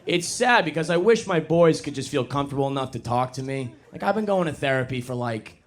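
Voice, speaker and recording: A man's voice: mid-range voice, lively intonation, a little fast, background noise. A young man doing a stand-up comedy set on a club stage into a handheld mic, casual and self-deprecating, working the crowd.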